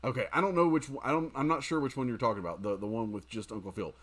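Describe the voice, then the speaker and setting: A mid-range male voice races along as this gaming streamer plays on mobile. He's chatty and animated with his viewers, constantly dropping in "dude" and "um."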